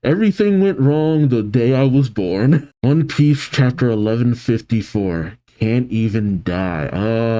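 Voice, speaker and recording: Man, manga reaction host, lively swooping pitch, mellow dark tone. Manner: animated, reads aloud and reacts. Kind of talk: casual reaction commentary.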